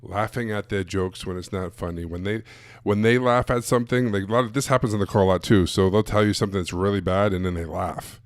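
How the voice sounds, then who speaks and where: A man teaching coaches how to run sales calls on a live stream. He is blunt and direct and keeps firing rhetorical questions. His voice sits low and the sound is dry and close. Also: no echo.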